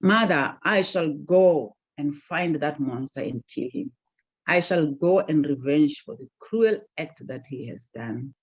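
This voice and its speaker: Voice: mid-range voice, measured pace, breathy edge. A storyteller voicing a brave, determined newborn boy hero who speaks in earnest, resolute declarations. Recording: dull lo-fi recording.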